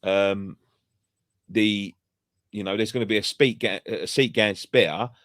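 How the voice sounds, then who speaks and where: A man's voice: fairly low pitch, fairly even intonation, slow pace, fairly bright tone, no room sound, clean studio sound. A man chatting casually on a fan channel, telling sweary, rambling stories full of restarts. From England. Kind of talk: casual pub chat.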